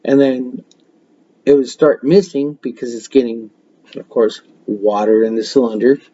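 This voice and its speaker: A man with a mellow, darkish voice tells loose stories on a practice podcast, swearing freely and breaking into laughs. The audio is dull and lo-fi, like a webcam mic. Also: medium pitch, steady tone, a little slow, husky. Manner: profane, laughing, rambling storyteller. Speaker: podcast host. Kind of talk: casual storytelling.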